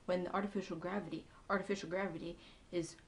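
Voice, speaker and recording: A woman with a somewhat low-pitched voice talks through a TV episode in a casual, excitable recap. She is chatty and fills her sentences with ums and likes as she goes. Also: fast, slight background noise. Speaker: TV episode reviewer.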